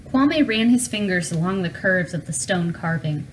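A woman reading a children's storybook aloud in an expressive, animated way. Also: on the low side, moderate pace, slight background noise, poor audio. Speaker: storybook reader.

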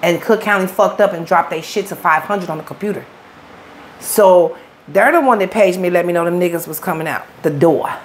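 A woman's voice: on the low side, a little fast, slight background noise. A woman, an interview guest telling her own story in blunt, profane street talk.

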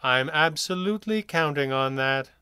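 A man voicing a calm, amused older schemer who speaks with quiet authority. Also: on the high side, moderate pace, clean tone, dry recording, clean studio sound. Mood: sly, commanding.

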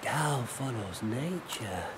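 An actor playing a courtly old sage in a video game, speaking in formal, archaic phrases. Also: male voice, medium pitch, animated, takes it slowly. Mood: serene. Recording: reverberant game hall with faint ambience.

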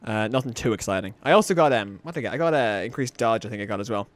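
A young man giving let's play commentary on a game, excitable and rambling, often talking sarcastically to the characters on screen. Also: fairly low pitch, racing, no echo. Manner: rambling with frequent restarts. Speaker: gaming channel host.

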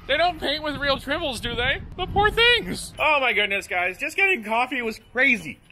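A man vlogging casually, telling stories in a chatty, excitable way while out and about with a handheld camera. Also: very high-pitched, normal speed, slight background noise. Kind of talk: casual vlog chat.

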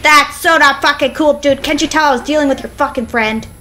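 A woman's voice: high voice, brisk, bright, forceful tone, slight background noise. A woman hosting a let's-play of a video game, frustrated and swearing constantly as she plays. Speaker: gaming channel host.

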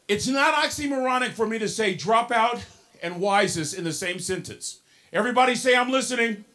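A man's voice: sits high, fairly bright tone. A man with a Texan accent giving a motivational keynote, folksy and playful, leading the audience in call-and-response. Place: large hall with live audience.

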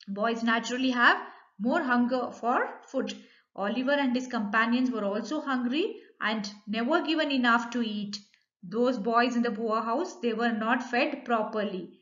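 A woman's voice: high-pitched, a bit bright, dull audio. A woman teacher with an Indian English accent who reads a story aloud and then explains each line in simple words.

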